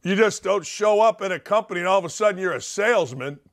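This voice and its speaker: A man's voice: high-pitched, fast talker. A middle-aged man hosting a talk show, delivering an opinionated monologue in an emphatic, punchy way with rhetorical questions.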